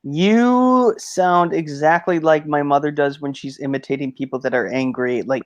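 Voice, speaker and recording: A man co-hosting a casual stream chat, animated and jokey, mimicking people he talks about. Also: fairly high pitch, moderate pace, no echo. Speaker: podcast co-host.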